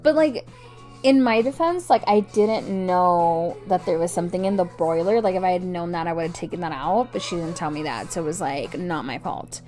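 A young woman chats straight to her viewers, telling a story in a loose, animated way. She swears freely and acts out the voices and the sounds. Faint music plays behind her. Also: fairly low pitch, moderate pace. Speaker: vlogger.

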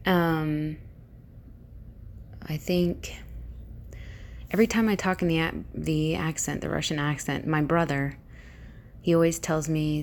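A woman's voice: low voice, fairly even intonation, measured pace, long pauses, slight background noise. A woman talking in a casual, rambling monologue, hesitant with many fillers and sometimes dropping into a whisper. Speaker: vlogger.

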